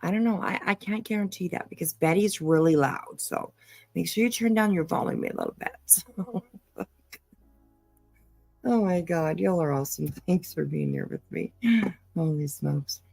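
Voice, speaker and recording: A woman's voice: fairly low pitch, moderate pace, gravelly, darkish tone, faint music behind. Blunt, profane woman livestream host. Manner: blunt, profane, laughs often. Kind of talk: casual reaction commentary.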